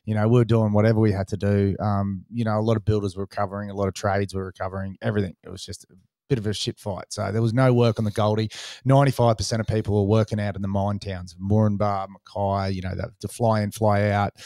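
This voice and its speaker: A man's voice: on the low side, fast, no echo, studio quality. An Australian man in his thirties hosting a podcast, telling stories in loose, sweary chat and acting out other people's lines. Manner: swears freely, animated retelling with put-on voices. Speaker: podcast host. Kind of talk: casual storytelling chat.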